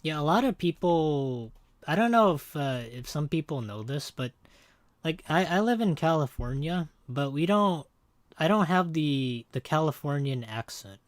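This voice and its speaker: A man's voice: fairly high pitch, lively intonation, a little slow, no echo. A man streaming a game, chatting casually and jokingly with his viewers in a rambling way. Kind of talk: casual livestream chat.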